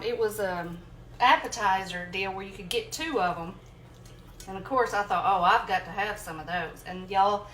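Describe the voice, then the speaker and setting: A woman with a drawl talks easily and folksily to her viewers while she cooks in her home kitchen, calling them y'all. Her voice sits at an ordinary pitch for a woman. A faint hiss of kitchen noise runs under the recording. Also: fairly bright tone. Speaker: home cooking vlogger. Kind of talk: casual chat while cooking.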